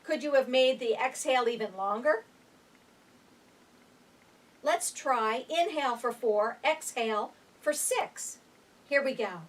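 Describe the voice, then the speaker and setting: A woman instructor calmly leading a guided chair breathing exercise, counting breaths aloud with gentle instructions. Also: sits high, slow pace, long pauses. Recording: voice picked up from a distance.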